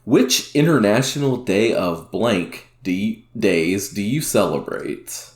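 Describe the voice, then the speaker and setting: A man's voice: on the low side, lively intonation, slow. A man hosting a casual gaming podcast, reading listener questions in an easygoing way. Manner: easygoing, laughs often. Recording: roomy echoey room.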